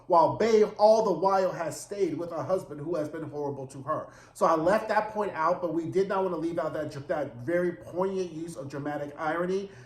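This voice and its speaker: A man's voice: fairly high pitch, brisk, hardly any pauses. A man hosting a casual TV recap, talking in a chatty, dramatic way with frequent asides and swearing. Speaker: TV recap host. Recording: roomy echo.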